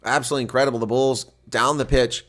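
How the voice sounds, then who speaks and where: A man calls a rugby match live from his home setup, narrating each phase in play-by-play commentary. His voice sits in a middle pitch. He turns excitable, loud and high when a big play breaks. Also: fast.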